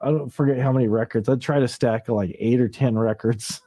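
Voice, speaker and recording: A man's voice: mid-range voice, fairly even intonation, brisk, mellow, dry recording, studio quality. A man hosting a late-night livestream, rambling casually, laughing easily and imitating sounds as he reminisces. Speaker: livestream host. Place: home livestream setup.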